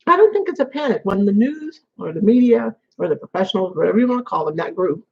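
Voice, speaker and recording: A vlogger chats casually to camera at home in an apartment, rambling and repeating phrases. The voice is mid-range, sing-song, fast, and slightly rough with vocal fry, in a dull lo-fi home recording.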